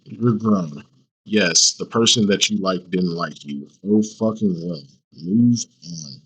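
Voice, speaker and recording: A man's voice: sits low, slow pace, fairly bright tone, slightly rough, dull audio. A man reacting with exasperated, profane, mocking commentary.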